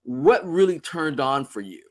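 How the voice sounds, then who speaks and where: A man's voice: fairly high pitch, very animated, a little slow. A man hosting a casual interview, reacting with short exclamations and asking reflective questions. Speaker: interview host.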